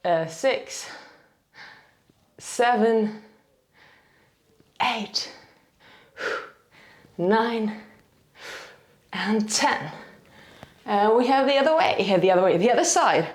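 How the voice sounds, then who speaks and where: A woman's voice: a little high, expressive, extremely slow, pauses often. A woman with as her leads a home dumbbell workout, a bit out of breath, chatty and self-deprecating, counting reps aloud. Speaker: fitness instructor. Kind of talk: casual workout instruction.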